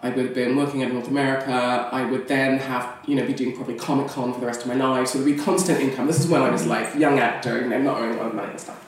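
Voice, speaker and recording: A woman's voice: rumbling low, steady tone, rapid-fire, few pauses, distant mic. A woman, an actress and podcast guest, telling a personal story frankly and animatedly, laughing often. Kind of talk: candid storytelling in conversation. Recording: very echoey room, off mic.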